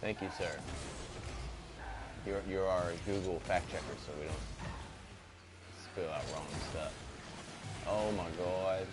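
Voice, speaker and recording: A man's voice: sits low, steady tone, unhurried, long pauses, noisy background. A man chatting casually while gaming, rambling through self-deprecating asides. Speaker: gamer co-host.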